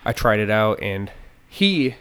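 A man on a podcast talks in a somewhat low voice, still out of breath from the stairs. He chats along easily, padding his sentences with ums and "you know what I mean.". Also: sing-song, measured pace, a bit bright, clean tone. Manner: chatty, filler-heavy, breathless after stairs. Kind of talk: casual podcast chat.

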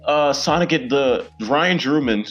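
A man's voice: mid-range voice, unhurried, fairly bright tone, lo-fi sound, soft background music. A man in his twenties, a guest on a podcast, chatting casually and eagerly with lots of fillers. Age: 20s. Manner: rambling and eager, many fillers. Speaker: podcast guest, comic creator.

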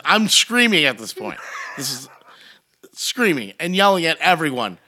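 Animated, profane man telling stories. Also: fairly high pitch, moderate pace, a little hiss or hum. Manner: profane, animated ranting storytelling. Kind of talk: casual chat.

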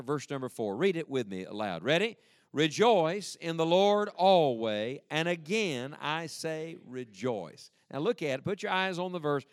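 A man's voice: mid-range voice, dry recording, clean studio sound. A man preaching a sermon with emphasis and joking asides, leading the congregation to read aloud with him. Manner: leads the congregation in reading aloud. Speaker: pastor.

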